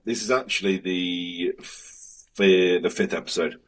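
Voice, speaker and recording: A man's voice: low-pitched, fairly even intonation, takes it slowly, a bit bright. A man in his thirties on a podcast video call, adding short, dry remarks. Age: 30s. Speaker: podcast co-host. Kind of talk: casual chat.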